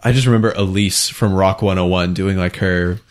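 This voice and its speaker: A man with a lowish voice jokes around in casual live-stream chat. His talk is loose and full of fillers. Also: fairly even intonation, brisk, clear, resonant tone. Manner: loose, joking, filler-heavy. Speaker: co-host.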